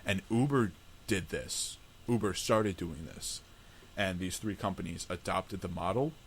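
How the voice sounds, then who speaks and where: A man's voice: deep voice, unhurried, a little hiss or hum. A man co-hosting a podcast over an online call, steadily explaining and reading out a news story in casual chat. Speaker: podcast co-host.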